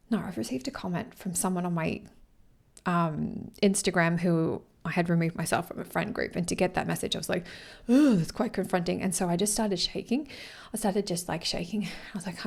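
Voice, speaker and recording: A woman talking casually to her followers in a rambling, earnest way, sometimes dropping to a soft whisper. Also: fairly low pitch. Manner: rambling and warm-hearted, often losing her thread. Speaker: vlogger speaking to her followers. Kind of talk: casual chat to camera.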